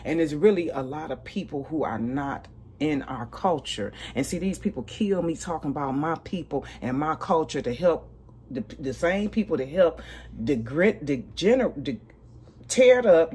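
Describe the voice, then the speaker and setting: A woman in her forties giving a blunt, profane livestream commentary rant, emphatic, with loud bursts and low asides. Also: slightly rough. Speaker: livestream host.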